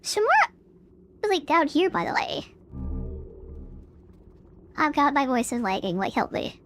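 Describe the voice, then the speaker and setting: Woman streamer, high and bouncy pitch, casual play-by-play gaming chatter. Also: very animated, a little slow, over music. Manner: chatty, filler-heavy, talks to chat.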